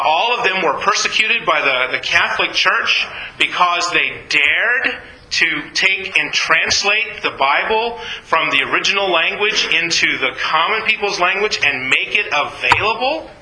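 A man's voice: high-pitched, sharp tone, echoey room, low-quality recording. A man teaching an informal Bible study to a class, asking questions and then answering them himself.

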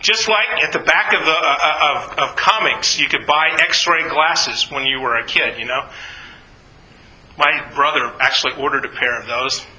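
A man's voice: fairly high pitch, normal speed, bright, forceful tone, echoey room, rough recording. A man teaching an informal Bible study to a class, asking questions and then answering them himself.

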